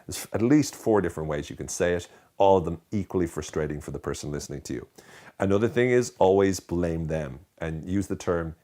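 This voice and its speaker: Deep-voiced Irish man, deadpan sarcasm. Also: brisk. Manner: deadpan, sarcastic, bored drawl. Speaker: host. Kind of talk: sarcastic comedy monologue.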